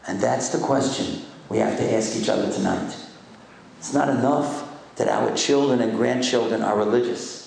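A man's voice: mid-range voice, normal speed, gravelly, darkish tone, a little hiss or hum. An older man, a rabbi, giving a sermon as an impassioned storyteller who urges his congregation with rhetorical questions. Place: hall with a congregation. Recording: echoey room.

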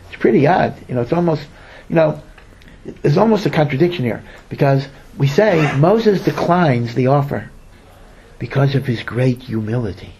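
A man's voice: medium pitch, expressive, normal speed, a little mellow, a little hiss or hum, rough recording. A man, a rabbi, giving a Torah sermon in a storytelling way, repeating words for emphasis and acting out the people he quotes. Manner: acts out quoted speakers.

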